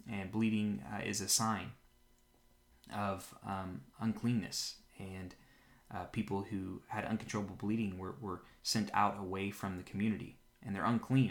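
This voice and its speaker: A man with a gravelly, slightly low voice reads scripture and pauses to explain it in an earnest, unhurried way. His remarks wander a little with fillers and restarts. The room gives his voice a noticeable echo. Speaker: Bible reading podcast host. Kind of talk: scripture reading with short devotional commentary.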